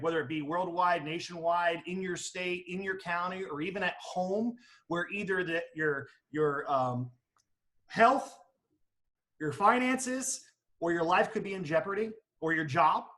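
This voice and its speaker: A man in insurance sales talking in a casual panel chat, quick and animated, with many restarts. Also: high-pitched.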